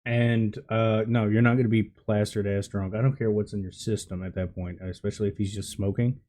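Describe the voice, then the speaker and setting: A man's voice: on the low side, steady tone, fairly quick, warm tone. A man giving casual reaction commentary on a clip, blunt and scornful, swearing freely.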